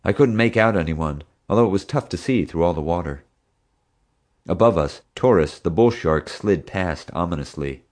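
A man with a very low voice reads a story aloud as narrator. His delivery is steady and scripted, in the manner of an audiobook. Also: normal speed.

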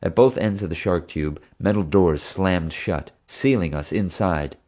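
Deep-voiced male audiobook narrator. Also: unhurried, darkish tone. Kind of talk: scripted narration.

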